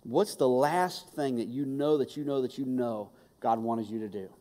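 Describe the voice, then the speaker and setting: A man's voice: mid-range voice, normal speed, mellow. A man preaching a sermon, emphatic and impassioned, hammering his points home by repeating key phrases. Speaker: pastor. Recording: long hall reverb.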